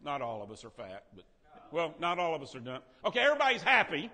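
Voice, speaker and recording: A man leads a Sunday school Bible lesson, his voice high and bright with big swings in pitch. He asks the class questions and jokes with them. The long reverb of a church room trails behind him. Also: quick pace. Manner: animated, quizzes and jokes with the class.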